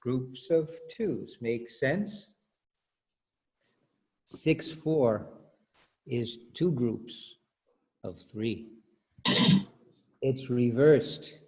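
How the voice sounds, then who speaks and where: A man's voice: medium pitch, expressive, drawn-out words, pauses often, dark tone. A man teaching rhythm as a choral director in an online workshop, patiently explaining and counting beats aloud over a video call.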